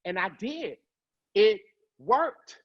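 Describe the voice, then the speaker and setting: Profane, animated woman comedian telling stories. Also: mid-range voice, lo-fi sound. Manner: loud, profane, quick to laugh. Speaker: comedian guest. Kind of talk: animated storytelling.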